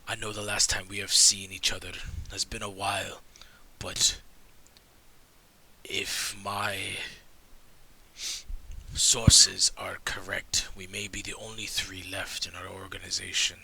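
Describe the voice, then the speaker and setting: A game master voicing a grave, secretive man from a dwindling hunters' order in a hushed, half-whispered tone. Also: low voice, flat delivery, measured pace, vocal fry, long pauses, breathy edge, pitched below the performer's own voice, exaggerated voice, poor audio.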